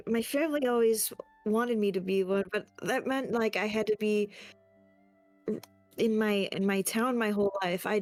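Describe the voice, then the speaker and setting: A woman's voice: mid-range voice, a little mellow, dry recording. A woman playing in character at a tabletop game, eager and stammering with frequent restarts. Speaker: player. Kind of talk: in-character tabletop role-play.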